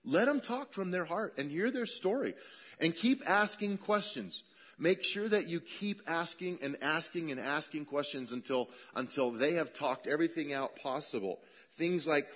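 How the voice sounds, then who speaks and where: A middle-aged man preaching a sermon as a pastor, lively, acting out quoted voices and letting his voice rise high and drop low. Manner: animated preacher, acts out quoted voices, voice rising and dropping.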